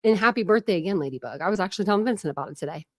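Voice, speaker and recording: A woman's voice: mid-range voice, animated, rapid-fire, a little mellow, no room sound, studio quality. A woman hosting a casual livestream from home, chatty and breathless, greeting viewers by name with frequent laughs. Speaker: livestream host. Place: home room with dogs.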